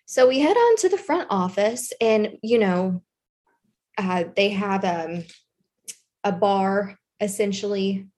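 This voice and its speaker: A woman with a Southern US accent telling a school story in a casual chat, animated and chatty with plenty of fillers. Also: medium pitch, slow. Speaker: guest storyteller, former intervention specialist.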